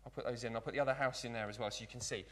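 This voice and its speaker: A man's voice: medium pitch, fairly even intonation, rapid-fire, close to an everyday voice. Man playing cheeky apprentice magician. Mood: playful. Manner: chatty, patter-filled, keeps saying "look". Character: young Victorian London apprentice magician, cheeky and eager. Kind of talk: live magic act in character.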